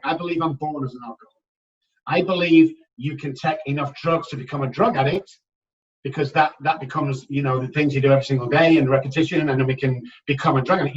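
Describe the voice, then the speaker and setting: A man with a fairly high voice talks as a podcast guest, energetic and emphatic as he tells stories. The mic sits a little away from him and the sound is dull. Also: distant mic. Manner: energetic, emphatic, addresses listeners as guys. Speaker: addiction recovery expert guest. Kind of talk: animated podcast storytelling.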